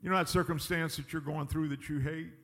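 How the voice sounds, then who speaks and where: A man's voice: fairly high pitch, steady tone, brisk, fairly bright tone, in a large hall. A man preaching a sermon in a folksy, emphatic way, often chuckling at his own points. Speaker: pastor.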